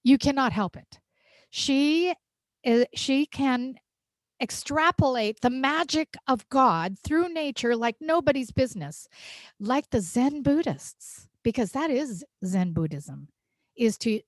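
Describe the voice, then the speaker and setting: A woman's voice: mid-range voice, dry recording. A woman minister giving a heartfelt, emphatic sermon, laughing often as she speaks. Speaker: senior minister. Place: church sanctuary.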